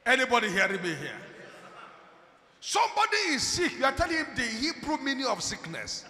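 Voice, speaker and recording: A man preaching a dramatic sermon, swinging from shouts to hushed tones and calling out to the congregation. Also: very high voice, huge pitch swings, fairly quick. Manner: calls out to the congregation. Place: church hall. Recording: echoey church hall.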